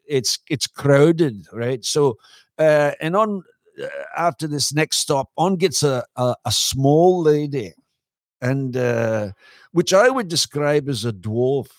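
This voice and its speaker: A man's voice: medium pitch, no echo, studio quality. A man, a podcast host, telling a long, rambling story in a casual pub chat, full of fillers and swearing.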